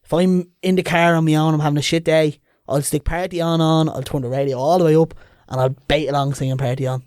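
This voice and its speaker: A man with a Dublin accent, a podcast guest telling stories in a lively, chatty way and swearing freely. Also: fairly high pitch, quick pace, clear, resonant tone, no room sound, clean studio sound. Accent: Dublin Irish. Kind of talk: casual storytelling.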